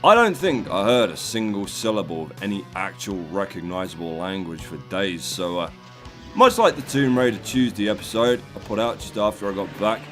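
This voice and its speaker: A man's voice: lowish voice, expressive, normal speed, a bit bright, soft background music. An English man hosting a gaming video, delivering a sardonic, profane and rambling comic rant. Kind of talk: comic commentary over gameplay.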